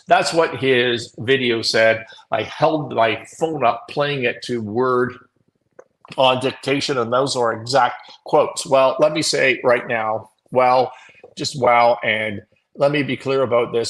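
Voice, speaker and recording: Blunt, animated host. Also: male voice, medium pitch, takes it slowly, low-quality recording. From Canada. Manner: animated, blunt, swears, laughs at himself. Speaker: live morning show host. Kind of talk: opinionated live commentary.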